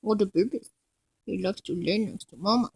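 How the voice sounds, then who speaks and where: A woman's voice: medium pitch, expressive, fairly quick, gravelly, darkish tone, slightly rough, no echo, poor audio. A woman at home talking to her dogs in cooing baby talk. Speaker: dog owner.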